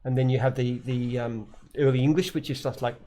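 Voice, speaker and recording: An Australian man in his usual middle pitch talks in a plain, unpolished way. He wanders through his answers, restarting sentences as he goes, like a founder chatting loosely on a live show. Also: steady tone, a little fast, mellow. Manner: plainspoken, rambling, frequent restarts. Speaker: company founder and CEO. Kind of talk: casual live Q&A chat.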